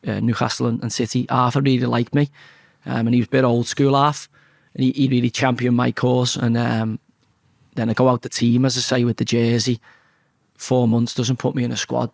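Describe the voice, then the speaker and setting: A man's voice: medium pitch, creaky, no echo, studio quality. A man with a Liverpool Scouse accent, a guest in a casual interview, telling stories bluntly and swearing freely. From Liverpool, England.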